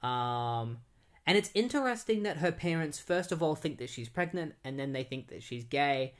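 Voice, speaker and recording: A man's voice: fairly high pitch, animated, normal speed. A young man casually recapping and reviewing a comic book in a rambling, conversational way.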